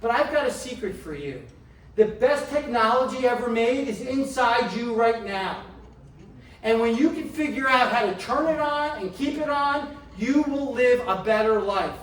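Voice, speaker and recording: A middle-aged man, a chiropractor, giving a motivational health talk to a live audience, asking them questions and slowing down to stress key phrases. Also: very high-pitched, expressive. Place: indoor event room. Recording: roomy echo, mic from a distance, faint background noise.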